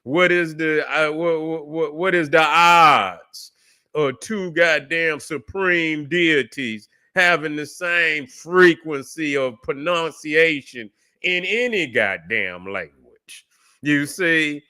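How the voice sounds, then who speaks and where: A man's voice: a little high, slow, sharp tone, clear, resonant tone. A man hosting a livestream, loose and profane, mocking, with many fillers and restarts. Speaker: livestream host. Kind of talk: casual ranting commentary.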